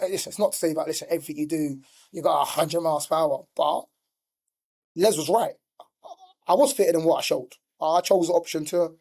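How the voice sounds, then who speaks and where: Chatting casually on a podcast, a middle-aged man who coaches youth football and once played professionally spins stories full of "like" and "do you know what I mean." His voice sits on the high side, a little mellow, with vocal fry and a breathy edge.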